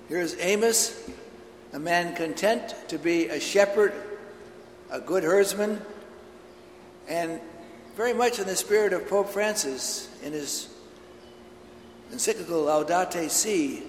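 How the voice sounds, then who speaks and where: A man's voice: on the high side, a little hiss or hum. A man preaching a homily, earnest and telling stories, in a large church. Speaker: priest. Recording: echoey church hall with long reverb.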